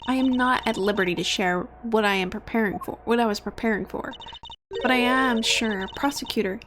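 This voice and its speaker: A proud, defensive prosecutor who brushes off suspicion, her voice a little high as a woman reads her game lines. She answers crisply and indignantly. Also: fairly quick, background noise, natural voice.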